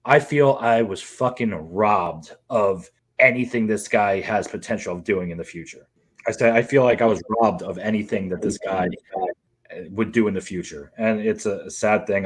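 A man's voice: low voice, moderate pace, husky. A man co-hosting a podcast, talking in a rambling, emotional way and swearing freely. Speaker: podcast co-host. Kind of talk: casual podcast chat.

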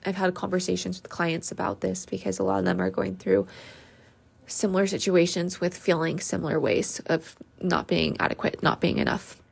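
Young adult woman, esthetician podcast host, gravelly fry, earnest and chatty, casual solo talk. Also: lowish voice, animated, moderate pace. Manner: chatty and earnest, many ums and likes.

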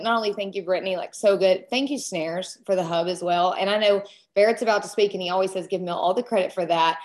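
A woman's voice: medium pitch, lively intonation, fast. A woman hosting a team training call, emotional and gushing, talking casually. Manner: gushing, emotional, says "freaking" and "y'all". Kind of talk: casual motivational talk.

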